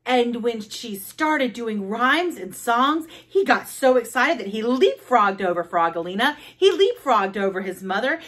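Slow, animated woman reading aloud. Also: fairly high pitch. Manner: expressive, with sound effects. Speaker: storybook reader. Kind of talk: children's book read-aloud.

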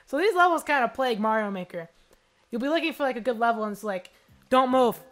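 A woman's voice: a little high, expressive, fast, faint music behind. A woman hosting casual let's-play commentary, joking, swearing and laughing often. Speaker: gaming channel host.

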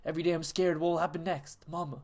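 A man putting on the voice of a frightened captive child, reading a desperate letter to his mother in a hushed, pleading way. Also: mid-range voice, fairly quick, slightly rough.

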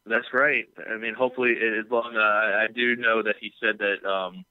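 Male co-host, relaxed and profane, lowish voice, dry phone-line sound. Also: a little fast, clear, resonant tone, no room sound. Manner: laid-back, swears freely, chuckles. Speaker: podcast co-host. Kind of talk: casual chat.

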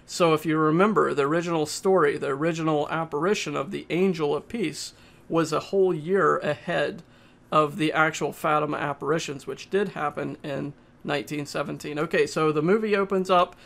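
A man giving a casual, halting spoken movie review, often pausing and restarting his sentences. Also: on the high side, steady tone, creaky, fairly bright tone. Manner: plain, halting, with frequent uhs and restarts.

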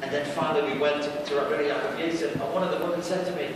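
A man, a rabbi, giving an animated storytelling lecture in a large hall, acting out the people in his story and building to excited near-shouting. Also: fairly high pitch, very fast. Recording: echoey hall recorded from far off with background noise.

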